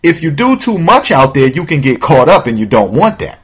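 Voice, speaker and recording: A man's voice: on the high side, big pitch swings, normal speed, breathy edge. A man hosting an interview show, talking casually with rambling restarts and repeated words. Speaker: talk show host.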